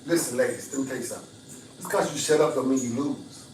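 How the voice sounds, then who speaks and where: A man's voice: medium pitch, fast talker, darkish tone, slight background noise. A man hosting a livestream, giving advice in an emphatic, preachy way with repeated phrases and laughing asides. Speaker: livestream host. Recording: roomy, distant mic, faint ambience.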